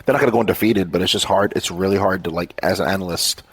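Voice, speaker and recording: A man's voice: low-pitched, racing, fairly bright tone, husky, dry recording, soft background music. A man co-hosting a sports podcast, talking bluntly and swearing casually. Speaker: podcast co-host. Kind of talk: casual chat.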